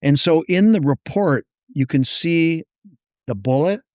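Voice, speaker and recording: A man tells a story as a podcast guest, in animated casual chat. His voice sits fairly high for a man. The sound is dry and close. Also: unhurried, dry recording. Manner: animated storyteller, acts out dialogue.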